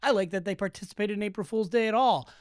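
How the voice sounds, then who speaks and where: A man's voice: high-pitched, quick pace, clean tone, dry recording, studio quality. A young man cohosting a casual podcast, joking and rambling with frequent laughs. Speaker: podcast co-host. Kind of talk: casual chat.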